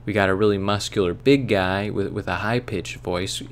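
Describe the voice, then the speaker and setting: A man's voice: sits low, moderate pace, slight background noise. A man hosting a let's play, rambling, joking and swearing in casual gameplay commentary. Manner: rambling, joking, profane, puts on silly voices.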